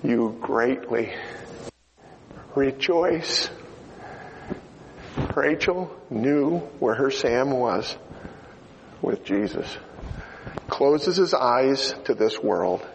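A man's voice: mid-range voice, expressive, very slow, pauses often. An older man preaching a sermon. He tells an emotional story and turns to ask his listeners things. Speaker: pastor. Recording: lo-fi recording in a reverberant hall, faint noise.

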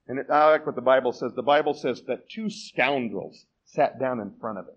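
A man's voice: medium pitch, normal speed, few pauses, husky, highs cut off. A man in his forties preaching a sermon as pastor, telling the story with self-deprecating humor.

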